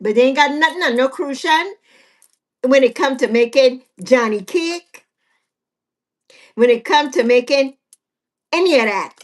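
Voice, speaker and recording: A woman's voice: high-pitched, animated, a little slow, long pauses. A woman in her sixties hosting a casual livestream chat with viewers, playful and teasing. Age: 60s. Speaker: livestream host.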